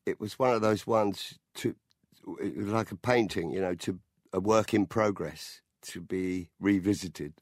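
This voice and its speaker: A musician in an interview, telling an anecdote about a recording session in a loose, rambling way. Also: male voice, sits low, a little slow, no echo, clean studio sound. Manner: relaxed, rambling storytelling with fillers and restarts.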